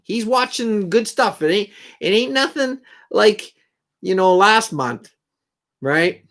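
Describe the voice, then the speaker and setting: A man's voice: sits high, lively intonation, slow pace, a bit bright. A middle-aged man hosting a live stream, chatting casually and rambling to viewers in a folksy way between songs. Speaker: live stream host and guitar player.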